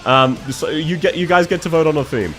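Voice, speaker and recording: An Australian young man chats on a live stream in a fairly high, fairly bright voice, speaking briskly over faint music. He's emotional, laughing between words and thanking his chat often.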